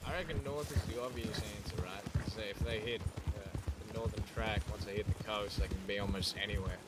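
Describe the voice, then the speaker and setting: A man's voice: lowish voice, steady tone, a little fast. A man with a blunt, swearing manner, talking through plans in an in-character western roleplay. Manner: blunt, swearing, thinks aloud in long plans. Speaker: lawman player in a western roleplay. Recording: loud game noise with horse hooves.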